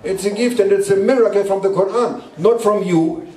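A man, a Sufi sheikh, preaching to a gathering in halting English and repeating short emphatic phrases. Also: high voice, darkish tone. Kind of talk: sermon. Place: indoor gathering room at a guesthouse. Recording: roomy echo, distant mic.

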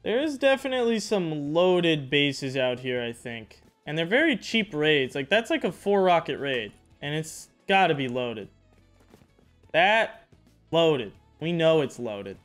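A man's voice: on the high side, a little slow. Upbeat young man narrating gameplay. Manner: upbeat, excitable, slangy. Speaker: gaming YouTuber. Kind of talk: casual gameplay commentary. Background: background music.

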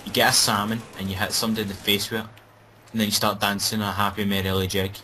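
Bright-voiced Scottish man joking. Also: fairly low pitch, level tone, fast, slight background noise, poor audio. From Scotland. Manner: joking, sarcastic banter. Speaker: gaming commentator. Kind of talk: casual gameplay chat.

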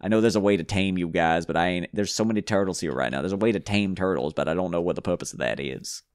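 A man's voice: deep voice, quick pace, clear, resonant tone, dry recording, studio quality. A man putting on an unplaced, mock-sultry accent while talking over his game.

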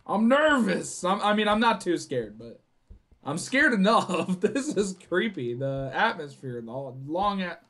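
A young man playing a horror game for his channel, reading the notes aloud, swearing and yelling when startled. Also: sits high, big pitch swings, measured pace. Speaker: gaming YouTuber. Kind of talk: horror game let's play commentary.

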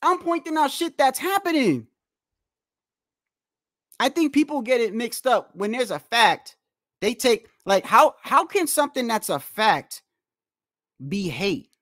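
A man's voice: very high voice, a little slow, pauses often, dry recording, studio quality. Heated, cursing man ranting on a livestream. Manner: animated, repetitive, trash-talking with frequent profanity. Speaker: boxing livestream host.

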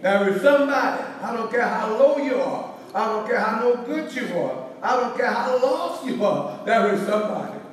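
A man's voice: very high voice, animated, normal speed, hardly any pauses. Pastor, male, preacherly repeating cadence; long hall reverb, distant mic. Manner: preacherly, repetitive cadence, rising and falling. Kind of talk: Bible study teaching. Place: church hall. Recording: echoey hall, from far off.

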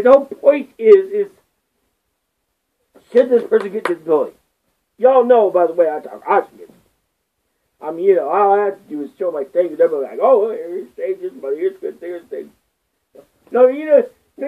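A man vlogger delivering a rambling, profane rant, crude and full of filler curses. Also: sits high. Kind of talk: profane ranting monologue. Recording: tinny phone-like lo-fi audio.

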